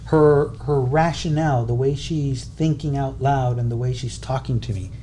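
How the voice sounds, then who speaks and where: A man in his thirties tells a story in casual conversation, his voice mellow and relaxed. He gets animated, acting out the back-and-forth and laughing along. A faint hiss sits under the recording. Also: mid-range voice, normal speed. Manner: animated, acts out dialogue, laughs while telling.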